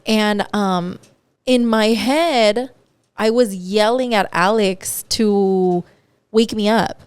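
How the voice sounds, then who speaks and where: A woman co-hosting a podcast, chatting casually and telling stories in an animated, profane way. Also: mid-range voice, slow pace, clean tone, no room sound. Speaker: podcast co-host. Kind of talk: casual chat.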